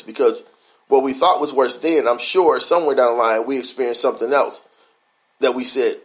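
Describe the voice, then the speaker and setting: A male pastor preaches in a mid-range voice, in an informal, conversational way. He circles back over the same phrases, asks rhetorical questions and stretches words out slowly to stress them. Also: mid-range voice. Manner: slows down for emphasis, acts out quoted inner voices. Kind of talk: devotional sermon.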